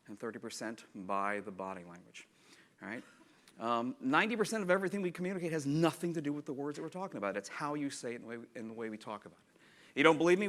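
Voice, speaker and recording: Animated, bright-voiced male conference speaker. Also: fairly high pitch. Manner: animated, playful, acts out quotes. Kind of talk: conference talk with slides. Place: conference room.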